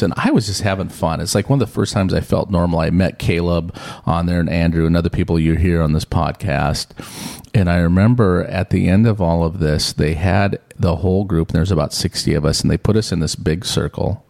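A middle-aged man shares a personal story on a podcast, rambling and self-deprecating, livening up whenever he quotes someone. His voice sits very low and carries a gravelly fry throughout. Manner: rambling, self-deprecating, animated when quoting others. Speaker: podcast co-host. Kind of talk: casual storytelling chat.

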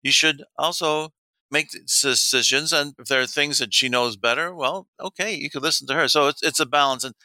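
A man's voice: fairly high pitch, brisk, dry recording. A middle-aged man coaching men on dating, telling stories in casual talk and acting out the dialogue with laughs. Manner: animated storyteller, acts out quoted dialogue, laughs often.

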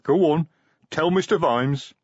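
A man voicing a big, gruff male troll sergeant who growls in slow, broken grammar. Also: fairly high pitch, no echo, highs cut off, voice pushed up. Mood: earnest.

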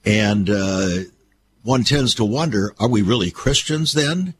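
Male radio host, lively pitch, folksy preacher manner, faint hiss. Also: measured pace. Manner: folksy, preacherly, addresses listeners as friends. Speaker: radio talk show host. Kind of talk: radio interview and commentary.

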